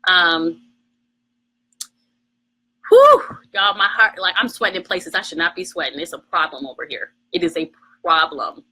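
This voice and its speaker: A woman's voice: on the low side, brisk, sharp tone, breathy edge, low-quality recording. A woman co-host ranting emotionally on a phone livestream, heated, emphatic and defiant. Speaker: morning show co-host.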